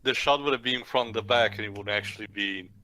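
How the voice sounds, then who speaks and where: Bright, rambling man talking games. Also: fairly low pitch, a little fast, slight background noise, rough recording. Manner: rambling, hesitant. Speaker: let's play commentator. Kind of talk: casual gaming chat.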